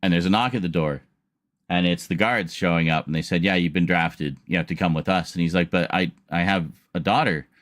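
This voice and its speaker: A man's voice: sits low, brisk, fairly bright tone, no echo. A man streaming a casual chat, telling a long story in a rambling way with laughs and restarts.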